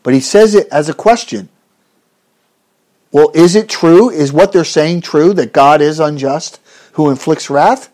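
A man delivering an expository sermon, his voice sitting a little high. He speaks earnestly and emphatically, pressing his rhetorical questions and often restarting his phrases as he goes. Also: measured pace, a little mellow. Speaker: preacher.

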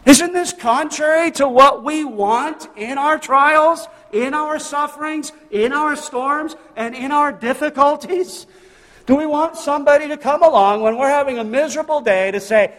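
A man's voice: very high voice, a little slow, a bit bright, in a large hall. A male pastor preaching a sermon in a church, emphatic and full of rhetorical questions. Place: church sanctuary.

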